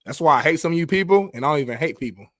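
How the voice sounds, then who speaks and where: A man's voice: on the high side, animated, racing, dry recording. A man co-hosting a live sports talk show, bantering in a laid-back, slangy way.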